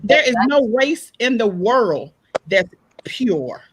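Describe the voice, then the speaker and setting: A woman in a casual panel discussion, telling stories in an animated way and acting out the people she quotes. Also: on the high side, slow pace, a little hiss or hum, rough recording. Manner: animated storyteller, acts out quoted voices. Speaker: panel guest.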